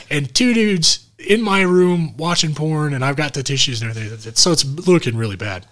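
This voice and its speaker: A man co-hosting a podcast talks at a normal speed with hardly any pauses, his voice leaning high. Animated and profane, he relates a funny story casually and performs the quoted voices of its characters.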